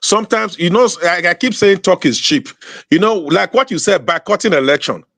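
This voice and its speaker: A man's voice: high voice, lively intonation, gravelly, a bit bright, dry recording. A man who is a politician, arguing insistently in a heated debate. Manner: insistent, quick, repeats himself.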